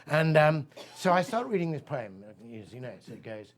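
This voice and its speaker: A man's voice: a little high, big pitch swings, moderate pace, hardly any pauses. A man giving a talk, rambling and enthusiastic, telling a personal story and reading poetry aloud. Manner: rambling, enthusiastic, many fillers. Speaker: speaker at a weekend of talks.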